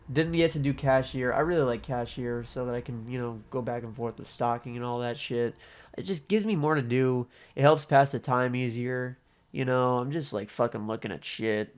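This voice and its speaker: A man's voice: medium pitch, smooth. A young man telling a retail work story as a vlog rant, swearing often and rambling with many fillers. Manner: profane, rambling, frequent fillers. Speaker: vlogger.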